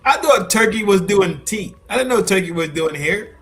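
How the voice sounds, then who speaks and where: A man hosting a stream, reacting to clips with loud, profane casual commentary that repeats itself. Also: high voice, expressive, moderate pace, few pauses, faint music behind. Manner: loud, swearing, repeats himself.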